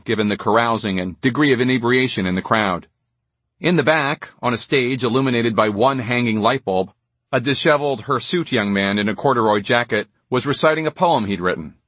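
A man reads a novel aloud in a measured, steady way. His voice is husky and his recording sounds dry and close, with no room around it. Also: mid-range voice, no room sound. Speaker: audiobook narrator. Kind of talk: scripted narration.

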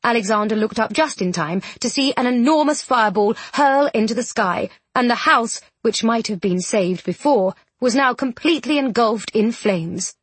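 A woman narrating a novel in an expressive, dramatic audiobook reading. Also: on the high side, husky, no echo.

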